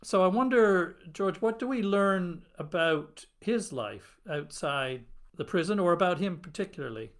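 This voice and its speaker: A man's voice: sits high, lively intonation, measured pace. A man hosting a podcast and leading an in-depth discussion in an engaged, enthusiastic manner. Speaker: podcast host.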